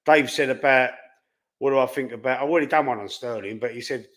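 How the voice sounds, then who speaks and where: A man's voice: medium pitch, fast talker, a bit bright. A man with a Cockney accent hosting a casual live-stream chat, telling rambling anecdotes and quoting his own back-and-forth exchanges. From London. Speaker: host.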